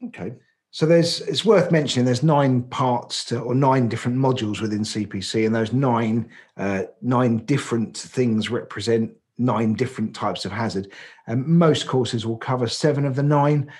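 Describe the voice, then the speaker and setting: A man co-hosting a podcast conversation in a mid-range voice. He explains each term patiently and step by step, filling pauses with ums. His tone stays relaxed and chatty. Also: mid-range voice. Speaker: podcast co-host, driver agency office manager. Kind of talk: casual explanatory chat.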